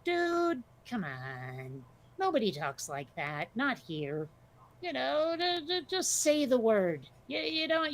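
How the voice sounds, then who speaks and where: Woman, podcast co-host, fairly high voice, blunt, swears a lot, lively storyteller. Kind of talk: casual chat.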